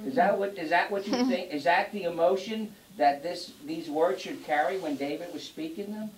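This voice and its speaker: A preacher delivering a sermon to a congregation, joking and rising to loud emphasis. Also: mid-range voice. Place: church before a congregation. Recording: roomy echo, distant mic, faint noise.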